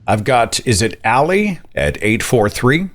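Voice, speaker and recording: A man's voice: mid-range voice, big pitch swings, a little slow. A man hosting a call-in talk show, venting in a rambling, exasperated way with many rising rhetorical questions. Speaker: podcast host.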